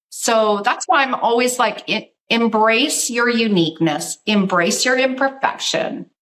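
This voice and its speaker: A middle-aged woman, a guest artist, telling her story in a casual interview, animated and full of "like". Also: mid-range voice, poor audio. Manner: animated storyteller, acts out quoted voices, says "like" often.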